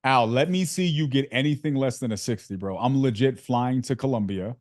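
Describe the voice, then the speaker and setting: A man's voice: mid-range voice, fairly quick, darkish tone, dry recording, studio quality. A man hosting a sales community on a video call, joking and slangy with lots of fillers. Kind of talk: casual coaching chat on a video call.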